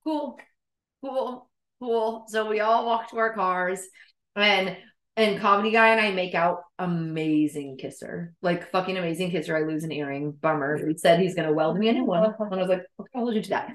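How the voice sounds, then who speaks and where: A young woman telling a dating story to her co-hosts in casual chat, animated and laughing, swearing freely. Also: on the low side, brisk, reverberant. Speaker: podcast co-host.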